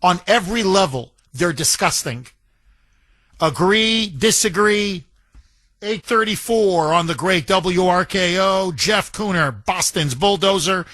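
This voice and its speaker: A man's voice: high-pitched, slow, pushed and bright, dry recording. A man hosting a talk radio show from a studio, delivering a combative, emphatic monologue and taking calls. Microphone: studio microphone.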